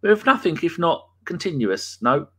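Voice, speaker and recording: A man's voice: a little high, big pitch swings, moderate pace, breathy edge. A man, hosting a live podcast and chatting casually, reading out viewers' names with banter and the odd swear. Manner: banter, reads chat names aloud, swears. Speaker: podcast host. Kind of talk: casual live-stream chat.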